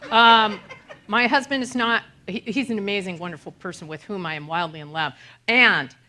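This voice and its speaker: A middle-aged woman minister giving a conversational sermon, telling self-deprecating stories with animated delivery and laughter. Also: medium pitch, moderate pace, slight background noise.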